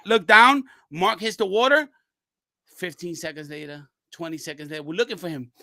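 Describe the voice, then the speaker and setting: Brief: New man, slangy podcast guest, bright forceful voice, dry close sound. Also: sits high, moderate pace, dry recording. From Brooklyn, New York. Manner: animated, slangy storyteller. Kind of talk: casual storytelling.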